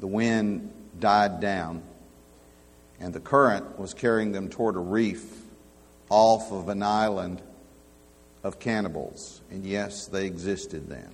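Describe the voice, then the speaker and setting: A man preaching a sermon, telling folksy humorous stories in an animated way. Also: deep voice, takes it slowly. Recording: long hall reverb.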